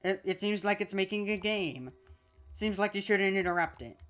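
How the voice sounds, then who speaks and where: A woman's voice: mid-range voice, expressive, moderate pace, a bit bright. A woman streaming a video game, reading the on-screen text aloud in a casual, chatty way with small asides.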